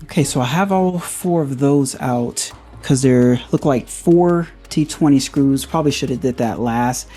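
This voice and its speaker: Faint music plays behind a man of medium pitch and dark tone who speaks unhurriedly with few pauses. As a car DIY reviewer, he casually talks viewers through a hands-on repair, thinking aloud in a loose, conversational way.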